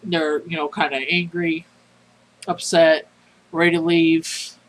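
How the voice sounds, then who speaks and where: Sleepy, rambling, halting, casual game recap, mid pitch. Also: flat delivery, rough recording. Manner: rambling, halting, filler-heavy.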